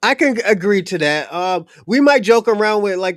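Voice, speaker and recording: Blunt, high-voiced man, dry sound. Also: animated, normal speed, a bit bright, dry recording. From United States. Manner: blunt, profane, heated, repeats himself. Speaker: podcast host. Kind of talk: casual unscripted discussion.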